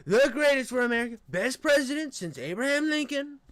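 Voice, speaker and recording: A bombastic older statesman booms punchy superlatives, pausing for effect, in a man's put-on impression. The voice is nasal and pitched well above an ordinary male voice. The sound is dry and close-miked. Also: expressive, a bit bright, dry recording. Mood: boastful. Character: blustering older male politician boasting.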